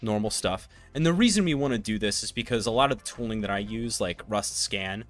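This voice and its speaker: A man hosting a live-streamed tech tutorial, reading verse with big swells and soft drops, then chatting casually while he works. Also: lowish voice, fairly quick, soft background music. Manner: reads verse expressively, swelling loud then sinking soft; casual, thinks aloud with fillers while working. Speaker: livestream host teaching tech setup.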